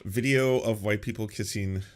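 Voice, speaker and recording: A man's voice: lowish voice, moderate pace. A man hosting a political commentary show, reacting to clips in a sarcastic, laughing way.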